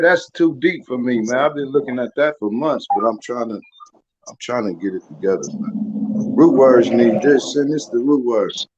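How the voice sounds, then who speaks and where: A man on a casual online group call, talking in a relaxed, informal way that drifts between thoughts. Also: on the high side, background noise. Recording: dull, muffled call audio.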